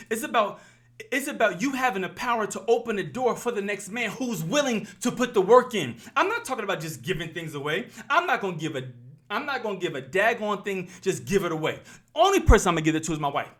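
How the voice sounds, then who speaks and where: A man's voice: high voice, big pitch swings, quick pace, fairly bright tone. Preachy, emphatic man vlogging. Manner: preachy, emphatic, repeats phrases. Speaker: YouTube commentator. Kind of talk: impassioned motivational vlog talk.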